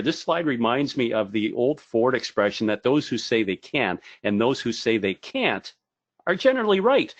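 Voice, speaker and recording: Animated joking male presenter, lively pitch. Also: no echo, dull audio. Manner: animated, jokey, self-deprecating. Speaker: video marketing speaker. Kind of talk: webinar presentation to brokers.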